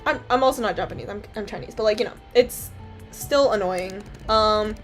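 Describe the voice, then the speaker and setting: A woman's voice: medium pitch, normal speed, faint music behind. A young woman from Canada, chatting casually to her stream viewers in a rambling, filler-heavy way and swearing freely.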